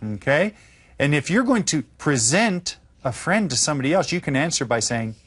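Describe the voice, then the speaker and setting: A man teaching a children's language lesson, modeling phrases slowly and clearly for the class to repeat. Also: a little high, very animated, fairly bright tone. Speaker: Spanish teacher.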